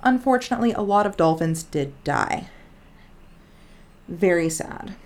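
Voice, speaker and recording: Chatty woman podcast co-host, lowish voice. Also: animated, measured pace. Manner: rambling and chatty, often says "like". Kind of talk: casual podcast chat.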